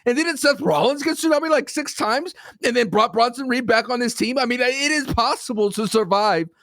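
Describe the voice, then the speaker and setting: A man co-hosting a podcast with a fairly high voice that swings up and down. He plays up mock grief and stumbles over his words in excited bursts. The sound is dry and close. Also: brisk, no echo. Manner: mock-grieving, animated, stammers in bursts. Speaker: podcast co-host. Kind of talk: casual podcast banter.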